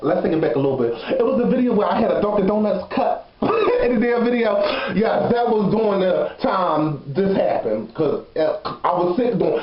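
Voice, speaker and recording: Sassy high-voiced young man telling a story. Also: reverberant, dull audio. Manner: sassy, animated storytelling with frequent laughs. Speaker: vlogger. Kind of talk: casual storytime vlog.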